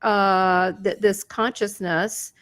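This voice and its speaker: Animated woman telling a psychic story. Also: mid-range voice, slow pace. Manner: animated, acts out quoted dialogue, laughs often. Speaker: psychic medium and show host. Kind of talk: storytelling in an interview.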